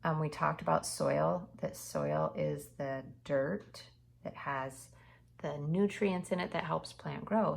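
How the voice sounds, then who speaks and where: A woman teaching her kindergarten class remotely, with gentle sing-song talk aimed at small children. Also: deep voice, expressive, slow pace, creaky, echoey room, distant mic.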